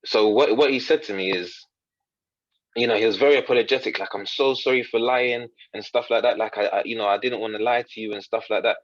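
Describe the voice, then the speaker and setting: A man's voice: on the low side, fast talker, no room sound, lo-fi sound. A man, a coach, earnestly recounting a story in conversation, quoting others and often restarting his sentences. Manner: earnest, retells dialogue in quotes with frequent restarts. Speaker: coach, podcast guest.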